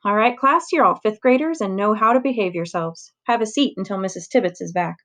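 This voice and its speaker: A woman voicing a brisk, matter-of-fact teacher in a children's story reading. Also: mid-range voice, fairly bright tone, close to an everyday voice.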